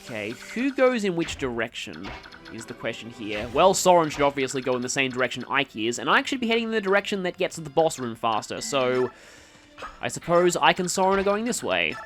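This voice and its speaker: An Australian man commentates his game playthrough in a relaxed, conversational way, his voice sitting at an ordinary middle pitch. He wanders from thought to thought, stops to fix his own words, and keeps the chat going steadily. Soft game music plays quietly in the background. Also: brisk. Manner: rambling, tangent-prone, self-correcting. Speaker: let's play commentator. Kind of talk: casual gameplay commentary.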